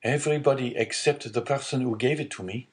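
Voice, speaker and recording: A man's voice: mid-range voice, a little fast, pitched above the performer's own voice, lightly acted. A man voicing an earnest, anxious young male sailor in a read-aloud storybook, in a slightly raised voice.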